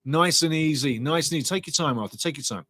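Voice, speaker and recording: A middle-aged man hosts a live football watch-along, calling the play with excitable, chatty energy. His voice sits a touch high, and the sound is dry and close with no room around it. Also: fast, no room sound. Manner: excitable, chatty, reads viewer comments aloud.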